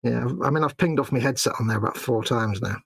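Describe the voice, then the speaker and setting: A man's voice: medium pitch, gravelly, husky. A man co-hosting a live stream, chatting casually while painting models, grumbling and mocking himself. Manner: self-mocking, grumbling, quick to laugh. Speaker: co-host.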